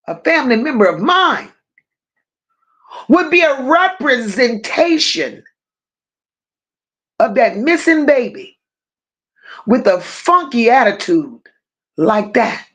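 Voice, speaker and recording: On her true-crime livestream, a woman rants with emphatic, combative energy, her high, fairly bright voice swinging widely in pitch. She leans into stressed words and pauses to thank people in the chat.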